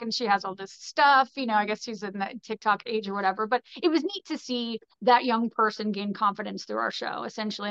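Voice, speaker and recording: A woman's voice: mid-range voice, fairly bright tone, clear, resonant tone, dry recording. A woman guest on a podcast, telling stories in a casual, rambling way full of "like" and "you know". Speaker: podcast guest, fashion designer. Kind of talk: casual conversational storytelling. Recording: dull, muffled sound.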